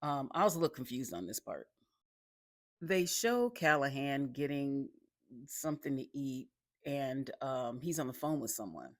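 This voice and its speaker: A man's voice: mid-range voice, sing-song, a little slow, no echo, studio quality. A man casually recapping a TV episode, rambling with lots of ums and restarts and chuckling along the way.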